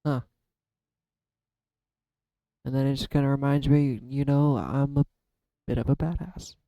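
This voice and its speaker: A YouTube card-reading vlogger speaks to the camera in a heartfelt, personal way, fighting back tears, groping for words, trailing off and starting again. His mid-range voice is steady and unhurried. There is no echo, but the high frequencies are cut off.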